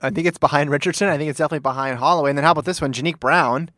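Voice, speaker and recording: A man's voice: fairly high pitch, rapid-fire, bright, forceful tone, dry recording. Man in a dry close-miked sports chat. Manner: enthusiastic, laughs while telling anecdotes.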